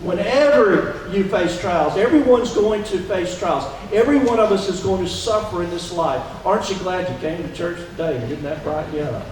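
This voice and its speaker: A man's voice: sits high, fairly quick, few pauses, darkish tone, a little hiss or hum. A man preaching a sermon as pastor, talking conversationally and often asking the congregation questions. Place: church sanctuary. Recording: echoey church hall from a distance.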